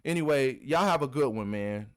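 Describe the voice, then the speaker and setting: A man's voice: medium pitch, lively intonation, normal speed, no echo, clean studio sound. A man hosting his own video, giving a heated, repetitive, scolding commentary. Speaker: video host. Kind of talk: impassioned commentary rant.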